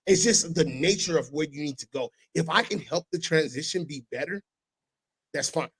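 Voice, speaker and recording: A man hosting a casual podcast, telling stories with animated delivery and sudden loud impressions. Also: fairly high pitch, moderate pace, breathy edge, poor audio. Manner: animated storytelling, breaks into loud shouted impressions. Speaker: podcast host.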